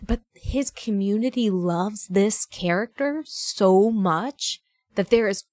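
Speaking slowly in a mid-range, darkish voice with no room sound, a woman voice actor chats as a podcast guest. Her casual stories include acted-out dialogue from people she encountered, and she laughs and uses fillers often.

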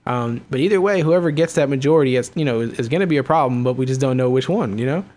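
A man's voice: mid-range voice, fast talker, a little mellow. A man hosting a casual fantasy football podcast, rambling with many fillers and restarts. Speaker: podcast host.

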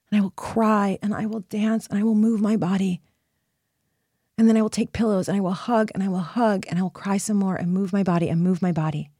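A woman's voice: on the low side, warm tone, husky, no echo. Earnest woman podcast host, dry close sound. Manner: earnest, emphatic, coaching directly to the listener. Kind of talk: personal self-help podcast talk.

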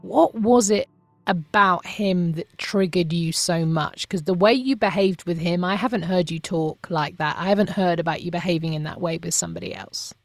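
A woman interviewer with a low voice asks slow, probing questions. Her voice sounds dry and close, with faint music under it. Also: dry recording.

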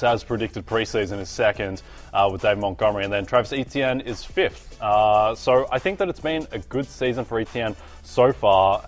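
An Australian man with a low voice talks through fantasy football numbers in a dry, matter-of-fact way, with faint music underneath. His casual delivery is relaxed and steady. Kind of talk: casual sports chat.

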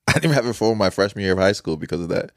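A young man chats on a podcast in a deep, low voice, loose and slangy, often breaking into laughter. The sound is dry and close to the mic, with no room echo. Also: lively intonation, fast. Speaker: podcast host. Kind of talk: casual podcast chat.

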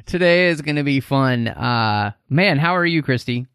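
A man's voice: mid-range voice, animated, normal speed, fairly bright tone, clean tone, dry recording, studio quality. A man from Texas hosting a casual podcast, chatty and rambling with plenty of fillers. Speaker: podcast host. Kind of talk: casual podcast chat and show plugs.

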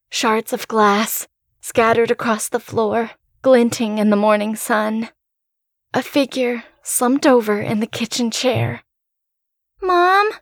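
Slow, dramatic woman narrator. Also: fairly high pitch, dry recording, clean studio sound. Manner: tense, dramatic first-person delivery. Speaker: narrator and host. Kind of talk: scripted horror story narration.

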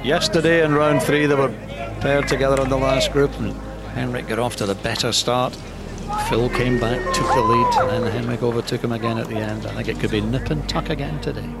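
Golf commentator guy, bouncy gravelly voice, crowd and music loud behind. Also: mid-range voice, huge pitch swings, fairly quick. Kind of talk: broadcast commentary.

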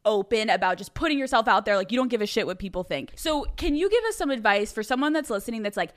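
A woman's voice: fairly high pitch, expressive, fast talker. A young woman from the Philadelphia area hosting a podcast, chatty and swearing freely. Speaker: podcast host. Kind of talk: casual chat.

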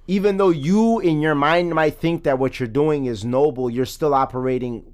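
A man's voice: on the high side, normal speed, a little mellow. A man co-hosting a podcast, musing reflectively on ideas in casual chat. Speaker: podcast co-host.

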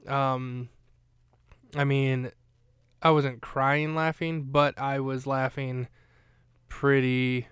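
A man rambles through a casual podcast recap, his voice smooth and clear with an even, fairly flat delivery. He is recorded close in a dry room with no echo, and he pads his talk with fillers and restarts. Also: mid-range voice. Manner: rambling, chatty, with many fillers. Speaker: podcast host recapping a film. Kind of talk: casual chat.

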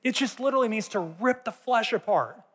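A man's voice: high-pitched, animated, fairly quick, a bit bright, slightly rough. A man teaching a sermon in a conversational way, telling personal stories to a church audience. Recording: long reverb of a large hall.

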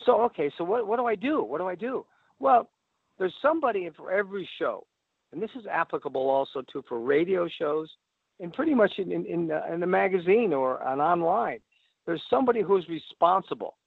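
A man talks through a phone line that sounds thin and dry. His voice is gravelly and sits a little high. He rambles in an animated way as a radio guest, acting out little phone calls as he goes. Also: fairly quick, no room sound. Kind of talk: casual advice talk.

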